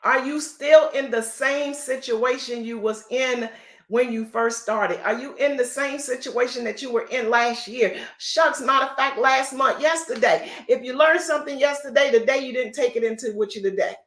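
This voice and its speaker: A woman's voice: high voice, normal speed. Emphatic woman coach in an echoey room. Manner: emphatic, repetitive, preachy, folksy. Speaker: real estate coach. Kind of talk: motivational live-stream talk.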